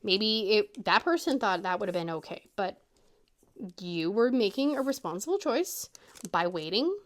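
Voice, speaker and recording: A woman hosting a crafting channel, casually telling a story with laughter and quick voiced-out quotes. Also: mid-range voice. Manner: animated, laughing, quoting others in a raised voice.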